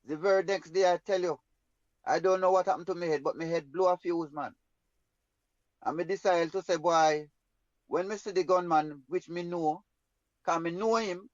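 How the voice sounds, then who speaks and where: A man's voice: high voice, dry recording, highs cut off. A man with a Jamaican accent telling a personal story in an emphatic, rambling way in patois. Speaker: guest storyteller.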